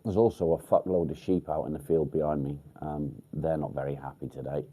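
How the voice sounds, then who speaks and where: An English man runs a relaxed live chat with his viewers, answering their comments one by one. His voice sits low and sounds dark and warm. He talks bluntly, swears without a second thought and fills his pauses with ums. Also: slightly rough. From England. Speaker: livestream host. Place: outdoors by a field.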